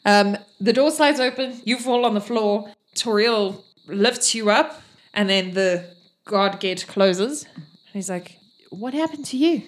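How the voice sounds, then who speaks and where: A woman running a tabletop game as game master, narrating with laughter and quick side-character voices. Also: medium pitch.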